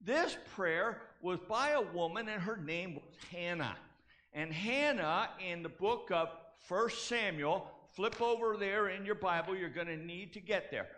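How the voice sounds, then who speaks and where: A man's voice: high-pitched, animated, measured pace, a bit bright. A male pastor preaching a sermon, leading the congregation in call-and-response and repeating key phrases for emphasis, with casual asides. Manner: casual asides and self-corrections.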